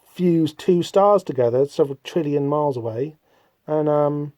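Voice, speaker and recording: A man talks through a comic book on his own podcast, rambling and self-deprecating, often apologising. His voice sits a touch high but sounds dark and mellow. The recording is dry and close, from a home podcast mic. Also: moderate pace, no room sound. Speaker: podcast host. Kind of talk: casual solo comic-book discussion.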